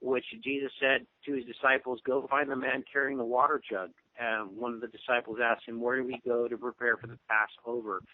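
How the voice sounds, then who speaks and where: A man who is a guest on a radio show, explaining at length in a steady, lecturing way with frequent ums. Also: mid-range voice, brisk, few pauses, no echo. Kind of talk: casual radio interview talk. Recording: dry tinny phone-line sound.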